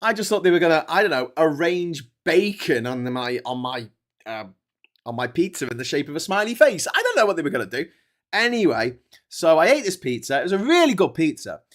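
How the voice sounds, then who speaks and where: A man's voice: on the high side, big pitch swings, fairly quick, fairly bright tone. A man hosting a livestream, telling a rambling travel story in a chatty way. He often breaks off mid-sentence and laughs at his own story. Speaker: livestream host.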